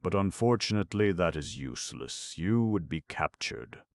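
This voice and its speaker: A man with a very deep voice playing a mild middle-aged male doctor who reasons calmly and apologetically, in an audiobook reading. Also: moderate pace, creaky, no room sound, full character voice. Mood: resigned.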